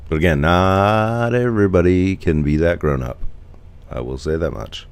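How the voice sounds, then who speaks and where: A man's voice: low voice, moderate pace, clear, resonant tone. A man in his forties from the United States, chatting casually on a live stream, rambling and answering viewer comments.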